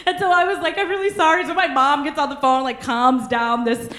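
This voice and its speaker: A young woman delivers a sermon in a bright, high voice, animated and laughing through her stories. The sound carries a noticeable room echo. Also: moderate pace. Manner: animated storytelling with frequent laughter. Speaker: pastor. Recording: echoey room.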